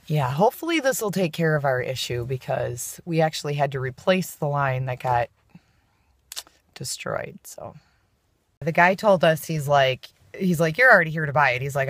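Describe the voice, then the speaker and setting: A woman's voice: low voice, dry recording, clean studio sound. A woman chatting casually to the camera as a vlogger, rambling with many fillers, from inside a moving car. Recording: road noise from a moving car.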